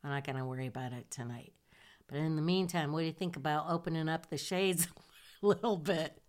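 Speaking briskly in a low voice, an older Michigan woman shares stories from her Navy service. She brings old conversations to life, performing the dialogue with bursts of laughter in this animated personal account.

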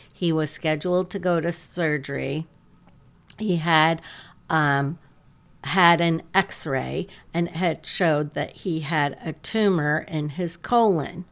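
A woman hosting a podcast, calmly telling a story about one of her patients as a nurse. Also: low voice, vocal fry. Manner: slow, calm, gentle storytelling.

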